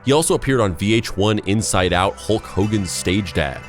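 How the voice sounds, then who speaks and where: A man's voice: lowish voice, lively intonation, normal speed, faint music behind. A man hosting a podcast, chatting casually with rambling, profane talk and reading narration parts. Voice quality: rambling, profane, filler-heavy. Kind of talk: casual chat and read narration.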